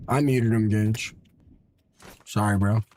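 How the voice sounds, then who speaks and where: A man's voice: on the low side, steady tone, slow, a little mellow, slight background noise. A man streaming a game, chatting offhand with his viewers and teammates and teasing them casually. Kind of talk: casual gaming stream chat.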